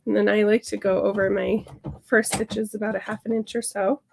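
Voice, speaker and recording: A woman with a cold and a gravelly voice, chatting casually through a sewing tutorial. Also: mid-range voice, flat delivery, moderate pace, heavy background noise. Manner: chatty and upbeat, with fillers. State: sick, gravelly voice. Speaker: sewing instructor. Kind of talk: casual sew-along tutorial.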